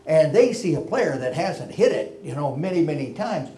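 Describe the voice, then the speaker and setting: A man telling a folksy personal story, with gentle chuckles and hushed tender moments. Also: fairly high pitch, very animated, moderate pace, reverberant. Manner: folksy and warm, drops to a hush for tender moments. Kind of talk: personal anecdote told to listeners.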